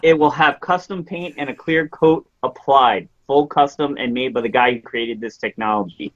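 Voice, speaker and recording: A man's voice: mid-range voice, moderate pace, fairly bright tone. A man co-hosting a casual paranormal podcast over a remote call, reading out news and viewer comments in a dry, exasperated way. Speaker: podcast co-host. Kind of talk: casual live-stream chat. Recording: muffled remote connection.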